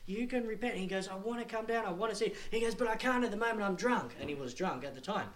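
A man's voice: high-pitched, animated, quick pace, a bit bright. Emphatic man preaching a sermon. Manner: storytelling, rising to emphatic preaching.

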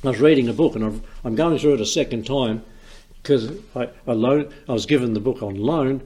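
A man's voice: medium pitch, a little fast, dark tone. A man giving an informal sermon, talking through the sections of a Bible in a conversational way, often repeating words and restarting. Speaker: preacher.

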